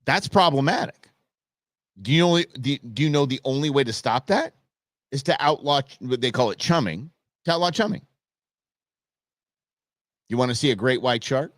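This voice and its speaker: Animated man ranting on a live show. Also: medium pitch, normal speed, long pauses, no room sound, studio quality. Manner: animated, stammering repeats, sarcastic. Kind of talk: casual livestream rant.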